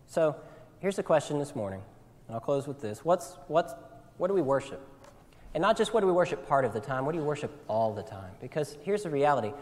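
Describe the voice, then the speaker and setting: A man preaching a sermon in earnest, often repeating his words as he swings between loud appeals and hushed, tender lines. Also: on the high side, big pitch swings, brisk. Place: church sanctuary. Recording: long church hall reverb.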